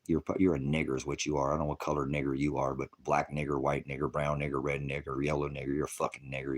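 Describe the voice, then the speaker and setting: Deep-voiced angry, profane male ranter. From Oregon, USA. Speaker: online preacher. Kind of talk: livestream rant to viewers.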